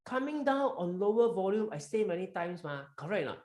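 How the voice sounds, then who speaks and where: A man's voice: sits high, sing-song, fairly quick, a little mellow, roomy sound. A man with a Malaysian accent hosting a live stock market webinar, talking emphatically and coaxing his members, mixing in local slang.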